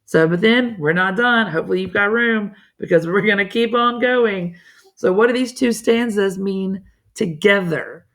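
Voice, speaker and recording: A woman's voice: mid-range voice, moderate pace, fairly bright tone. A woman teacher walking students through a poem in a recorded lesson, chatty and encouraging, talking to them directly.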